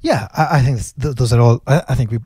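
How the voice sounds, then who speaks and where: A man's voice: mid-range voice, quick pace, mellow, husky, dry recording. A man co-hosting a finance podcast, explaining his views thoughtfully with frequent hesitations and restarts. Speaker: podcast co-host, investment analyst. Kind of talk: casual explanatory chat.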